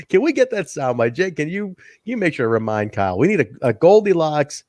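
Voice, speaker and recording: A man's voice: on the high side, a little fast. A man co-hosting a wrestling podcast, talking casually and animatedly, laughing often and acting out what people said. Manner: animated, laughing, acts out quotes. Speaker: podcast co-host.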